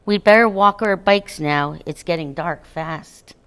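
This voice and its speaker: A woman's voice: on the low side, measured pace, clean tone, lightly acted. A woman reading Jack, a cautious young boy. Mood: skeptical.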